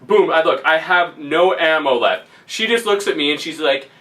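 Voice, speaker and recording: A man's voice: a little high, lively intonation, normal speed, hardly any pauses, bright, forceful tone, distant mic. A man casually telling a story, rambling and laughing, with lots of fillers. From Canada. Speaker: vlogger.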